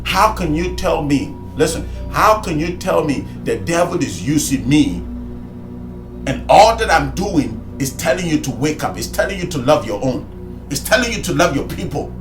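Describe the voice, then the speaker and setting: A man preaching an impassioned sermon, going from shouted peaks to low, quiet asides. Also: expressive, moderate pace. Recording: roomy sound with faint music behind.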